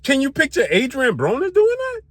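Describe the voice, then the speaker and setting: A man with a high, animated voice delivers a heated boxing commentary rant, piling up rhetorical questions in casual slang. His voice leaps up and down in pitch, and the recording is dry and close. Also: moderate pace, no echo. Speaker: sports commentary host.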